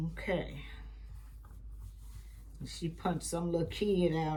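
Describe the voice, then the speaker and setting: A woman who hosts a quilting channel. She chats casually and rambles through family stories during a sewing tutorial, sometimes dropping into soft muttered asides. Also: on the low side, fairly even intonation, normal speed, pauses often, noisy background.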